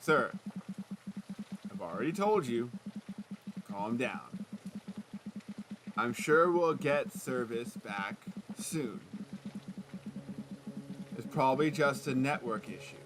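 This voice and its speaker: Brief: man voicing a calm cop, firm and reassuring, slow low-key delivery. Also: noisy background. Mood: steady. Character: calm male police officer, adult.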